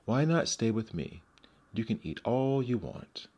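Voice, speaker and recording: A man with a low voice voicing a wicked old female witch in a storybook reading, sugary and then snarling. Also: sing-song, a little slow, darkish tone, husky, full character voice. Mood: sweetly coaxing.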